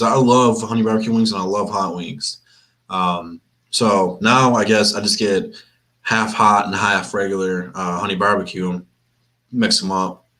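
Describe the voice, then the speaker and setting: Hosting a live watch-party stream for sports, a young Flint, Michigan man talks in a fairly low, bright, forceful voice. His manner is laid-back and chatty, full of rambling, restarts and repetition.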